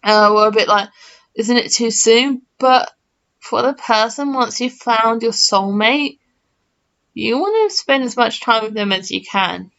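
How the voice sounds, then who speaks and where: A woman's voice: a little high, expressive, a little slow, fairly bright tone, smooth. A woman in her early twenties, telling a story to camera in a chatty, rambling way full of fillers and restarts. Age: early 20s. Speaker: gaming channel host. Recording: slightly muffled lo-fi mic.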